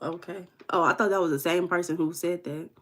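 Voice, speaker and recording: In a home room, a Midwestern woman from the United States runs a casual livestream, playfully reading the chat and naming viewers as she teases them. She speaks briskly in a fairly low, steady voice that's a bit bright.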